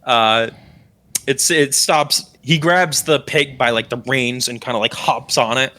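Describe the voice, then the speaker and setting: A man's voice: mid-range voice, a little slow, pushed and bright. A young man narrating a tabletop game as game master, rambling with many fillers.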